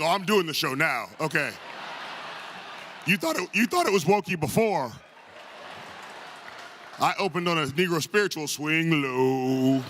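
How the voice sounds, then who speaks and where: A man from the northern United States tells funny, self-deprecating stories to an auditorium crowd, chatty and full of quick asides. His voice is slightly high, bright and forceful. A long hall reverb trails behind every phrase from the stage microphone. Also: a little hiss or hum. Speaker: guest speaker at a tribute event. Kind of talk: humorous anecdotal speech to a live audience. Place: large arts center auditorium.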